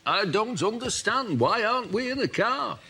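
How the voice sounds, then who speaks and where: A man's voice: high voice, expressive, moderate pace, voice pushed up. A man playing a bumbling, flustered posh British prime minister in an improvised comedy sketch. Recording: loud noise and audience laughter.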